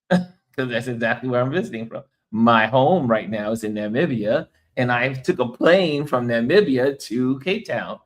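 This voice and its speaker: A man's voice: medium pitch, moderate pace. An American man, tired from travel and little sleep, hosting a casual livestream, chatting loosely and reading viewer comments aloud with frequent laughs. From United States. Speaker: livestream host.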